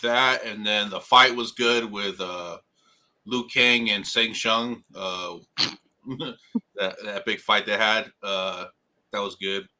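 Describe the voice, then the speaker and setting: Bright, low-voiced joking man. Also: fairly even intonation, takes it slowly. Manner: laid-back, joking, laughs often. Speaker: podcast co-host. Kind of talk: casual review chat.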